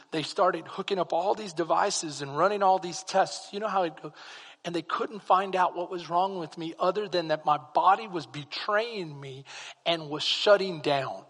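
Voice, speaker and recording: A man preaching a sermon with rising passion, at times shouting to his congregation. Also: sits high. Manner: impassioned preaching that rises to shouts. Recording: long reverb of a large hall.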